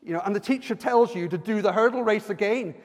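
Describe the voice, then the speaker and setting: A man's voice: high-pitched, fast. A man preaching a sermon in a church, earnest and personal, building to emphatic repeated lines. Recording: long hall reverb.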